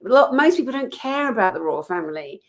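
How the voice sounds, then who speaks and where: A woman's voice: a little high, fast. Outspoken woman in casual chat. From Britain. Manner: passionate, outspoken, animated storytelling. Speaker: co-host.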